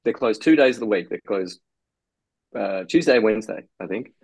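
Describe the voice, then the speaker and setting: A man's voice: fairly low pitch, lively intonation, moderate pace, gravelly, a little mellow, no echo. A man in casual podcast chat, telling long rambling anecdotes with casual swearing. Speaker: brewery co-founder guest.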